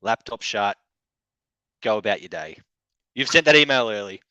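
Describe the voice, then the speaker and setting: A man's voice: fairly low pitch, lively intonation, moderate pace, pushed and bright, no room sound. A man co-hosting a casual chat, joking cheekily, laughing often and swearing freely. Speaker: co-host.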